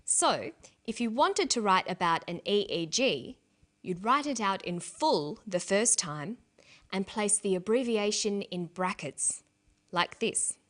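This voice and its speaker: A woman narrating an English lesson, speaking slowly and carefully and spelling out letters one by one. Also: mid-range voice, lively intonation, a bit bright. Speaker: English teacher. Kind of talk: scripted language lesson narration.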